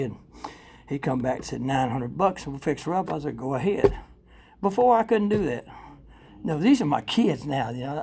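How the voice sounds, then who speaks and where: Older man, gravelly and a bit high, profane and candid, recovery share. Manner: blunt, profane and candid, rambling with fillers; laughs often, voice swings from loud to quiet. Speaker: speaker sharing at a recovery convention workshop. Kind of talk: personal recovery testimony to a live audience.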